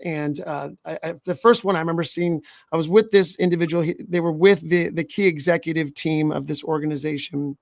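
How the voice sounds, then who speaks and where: A man's voice: a little high, steady tone, a little fast, gravelly, few pauses, a little mellow, no room sound, studio quality. A man hosting a podcast as a leadership coach, giving earnest advice and often checking in with "right?". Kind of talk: podcast conversation.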